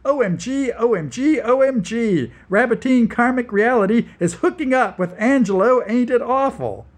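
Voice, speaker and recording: A man voicing a grandmotherly older woman scholar who gossips in squealing, excited bursts. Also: very high voice, moderate pace, voice pushed up. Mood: gleeful gossip.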